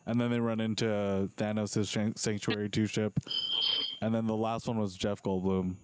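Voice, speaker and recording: A man hosting a relaxed casual chat, rambling with lots of fillers and restarts. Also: lowish voice, moderate pace, smooth, no echo. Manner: chatty, rambling, frequent fillers.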